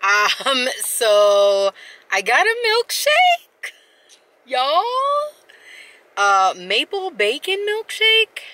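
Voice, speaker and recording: A woman with a drawl talks casually to her camera, rambling from one thought to the next. Her voice sits a bit high and sounds bright and forceful. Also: very animated, very slow, long pauses, no room sound. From South Carolina. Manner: rambling and chatty, talks straight to viewers. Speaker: vlogger. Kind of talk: casual vlog chat.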